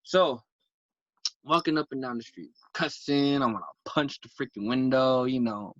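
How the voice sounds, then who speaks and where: A man's voice: mid-range voice, moderate pace, no echo, lo-fi sound. A man from San Francisco, a podcast guest telling a story in casual talk, acting out his own lines and swearing freely.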